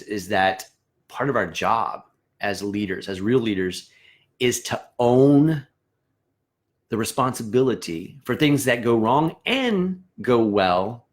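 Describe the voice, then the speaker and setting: Male band-leadership coach, mid-pitched, lively delivery that slips into quick character voices for students. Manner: animated, acts out quoted students with voices and laughs. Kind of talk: motivational talk to camera.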